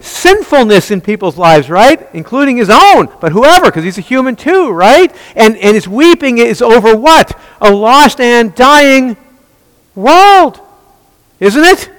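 A man's voice: very high voice, big pitch swings, a little slow, fairly bright tone, in a large hall, poor audio. A man teaching a Bible study, asking rhetorical questions and answering them himself, often restarting and repeating words.

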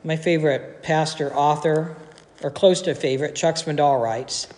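A male pastor gives an earnest sermon in a church, quoting authors and pausing for effect. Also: on the high side, fairly even intonation, darkish tone. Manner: earnest, quotes authors, dramatic pauses. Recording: long hall reverb.

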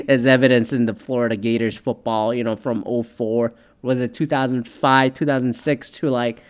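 A man's voice: medium pitch, steady tone, normal speed, smooth. A man ranting casually about football, profane and sarcastic, with lots of fillers and asides. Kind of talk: casual opinionated sports rant.

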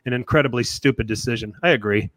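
A man's voice: mid-range voice, quick pace, fairly bright tone, no room sound. Dry-sounding casual male podcast host. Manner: laughing, reads out tweets with restarts. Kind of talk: casual chat.

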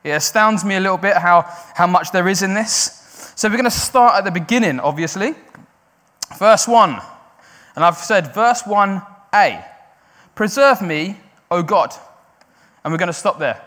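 A man preaching a sermon to a congregation. He swings between loud, raised cries and quiet, conversational explaining. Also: high voice, lively intonation, normal speed. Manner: builds to loud cries when quoting, then drops quiet and conversational. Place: church hall. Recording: long hall reverb.

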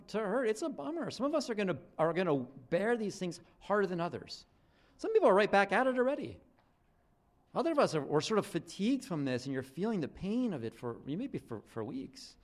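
Animated, high-voiced young male pastor. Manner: conversational, lots of "like" and restarts. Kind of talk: casual sermon.

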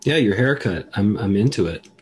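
A man hosting a podcast in a casual, rambling chat, keeping his voice down and trailing off quietly. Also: lowish voice, expressive, moderate pace, husky. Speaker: podcast host. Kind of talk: casual conversation.

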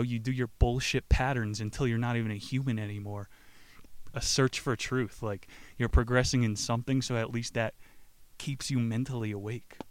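Male host, casual, profane, jokey; mid pitch, dry close sound. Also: smooth, dry recording. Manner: profane, joking, laughs often. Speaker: podcast host. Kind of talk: casual book-summary talk.

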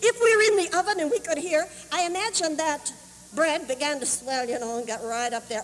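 A woman preacher telling a sermon story, animated and acting out voices, on an old camp meeting tape. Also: high-pitched, brisk, slight background noise. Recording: 1981 camp meeting tape, roomy hall.

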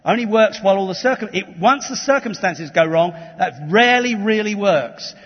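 Male pastor, English, high voice, husky, earnest preaching, muffled recording with long church echo. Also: animated, moderate pace. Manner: earnest, emphatic, with restarts and asides. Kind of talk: sermon. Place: church hall.

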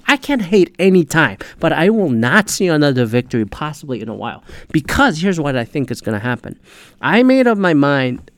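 Man, podcast host, heated profane rant, mid pitch, dry close sound. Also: no room sound.

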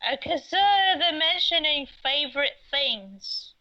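A woman on a podcast, recapping a plot slowly and haltingly with many uhs. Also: high voice, animated, pushed and bright. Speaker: podcast co-host recapping the episode. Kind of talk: casual chat. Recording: dull lo-fi sound.

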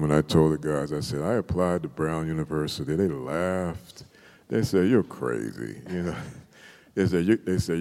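Brief: older male poet, very low and mellow, animated storyteller, long hall reverb. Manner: animated storyteller, acts out quotes with laughter. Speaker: poet, interview guest. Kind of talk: storytelling in an interview.

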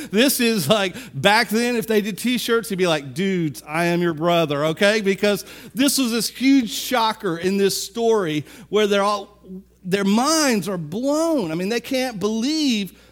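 High-voiced man preaching an animated sermon. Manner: animated storytelling, acts out characters' lines.

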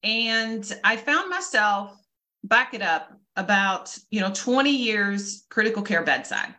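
A woman's voice: mid-range voice, lively intonation, measured pace, pushed and bright. A woman in her fifties from Kentucky, introducing herself with enthusiasm as a nurse co-hosting a health podcast. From Louisville, Kentucky. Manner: upbeat, enthusiastic. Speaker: nurse and nutrition coach co-host.

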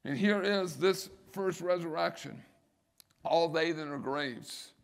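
High-voiced gravelly preacher. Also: male voice, slow pace. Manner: preaching with swelling emphasis and repeated phrases. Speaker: pastor. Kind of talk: sermon.

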